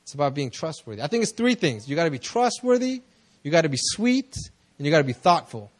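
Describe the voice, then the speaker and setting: Young man, preacher, high voice, conversational, laughs often, excitable. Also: quick pace. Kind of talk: casual sermon with storytelling.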